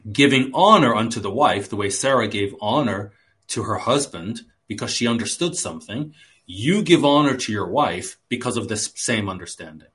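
A man preaching with a lively, rising-and-falling delivery. He teaches through a passage verse by verse, swelling on key words and then dropping back to a quiet aside. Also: fairly low pitch, moderate pace. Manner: expository teaching with dramatic emphasis swings. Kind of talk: sermon.

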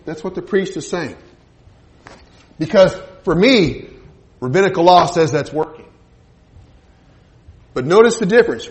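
A male preacher delivers a sermon in a high voice. His pitch swings widely as he tells a Bible story like a scene, voicing each character in turn. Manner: animated storytelling, acting out biblical scenes with quoted voices.

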